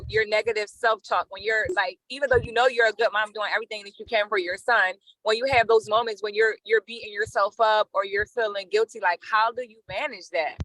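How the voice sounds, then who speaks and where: A woman's voice: mid-range voice, fairly even intonation, fairly quick, hardly any pauses, fairly bright tone, rough recording. A woman co-hosting a casual podcast, asking a long, supportive question. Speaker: podcast co-host.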